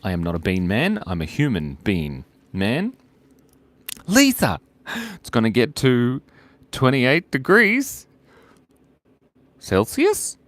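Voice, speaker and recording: Lively low-voiced man hosting a live stream. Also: no room sound. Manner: chatty, reads viewer comments aloud, jokes and laughs often. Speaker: host of a live drawing stream. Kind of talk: casual live-stream chat while drawing.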